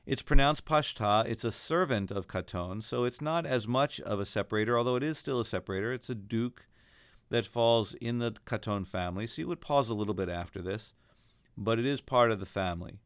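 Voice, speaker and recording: Man, chant teacher, smooth clear voice, dry close sound, explains then sings examples. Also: medium pitch, a little fast, dry recording. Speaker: Torah trope teacher. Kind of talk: recorded lesson with chanted examples.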